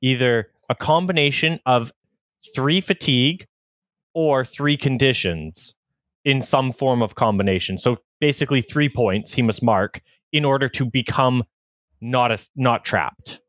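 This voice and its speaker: Brief: male player, mid pitch, rules-focused, dry sound. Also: unhurried, a bit bright, no room sound. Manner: methodical, rules-minded. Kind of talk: casual game chat.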